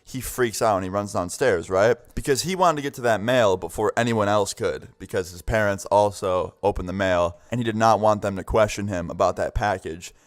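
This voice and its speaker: At a normal speed and with few pauses, a young man with a lowish voice rambles through a story for his viewers, dropping "like" constantly and imitating the people in it as a story-time vlogger.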